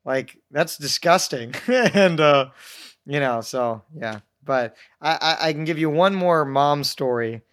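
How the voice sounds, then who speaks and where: A man's voice: a little high, unhurried, a bit bright, clean tone. A young man telling rambling, self-mocking stories in a casual chat, acting out the voices of people he quotes. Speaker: podcast guest telling stories.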